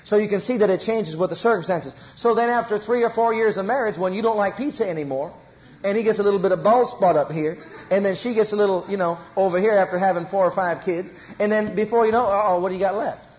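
Preaching fast in a high-pitched voice, this man dramatizes everyday quarrels and repeats phrases to drive points home. The recording is dull.

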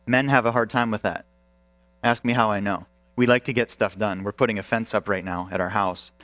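A man's voice: lowish voice, steady tone, brisk, a bit bright, no echo, faint music behind. A male pastor preaching a sermon with emphasis, asking the congregation questions.

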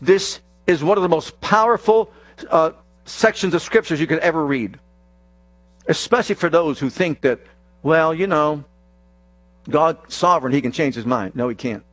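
A man preaching a sermon, reading scripture in a drawn-out, stressed cadence and dropping to a low hushed voice for emphasis, and putting questions to the congregation. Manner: slow, emphatic delivery with dramatic drops to a low hushed voice; addresses congregation with call-and-response questions. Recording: dry close sound with faint mains hum.

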